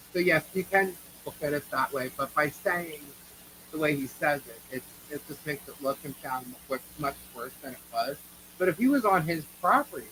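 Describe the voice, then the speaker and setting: A woman's voice: low-pitched, fairly bright tone, rough recording. Woman, New York accent, live co-host; blunt and opinionated, casual cursing, light background noise. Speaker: livestream co-host. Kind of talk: casual live chat reacting to viewers.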